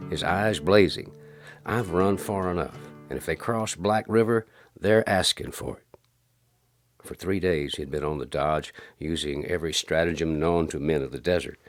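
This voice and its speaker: Deep-voiced man narrating westerns. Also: no echo, clean studio sound. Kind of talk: audiobook narration of western stories.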